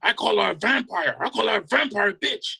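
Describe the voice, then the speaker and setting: A belligerent, emotional braggart in broken English, boasting loudly, as a man puts him on. The voice is pushed far above his normal pitch. It keeps a raspy, gravelly texture. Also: lively intonation, fairly quick, exaggerated voice. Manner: boisterous, broken English, repeats "my friend".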